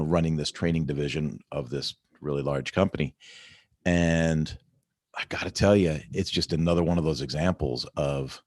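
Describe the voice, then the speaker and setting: A man's voice: extremely low pitch, a little mellow, no echo, clean studio sound. A middle-aged man hosting a casual morning check-in vlog, talking in an upbeat, rambling way with lots of "right?" and "you know.". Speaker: vlog host.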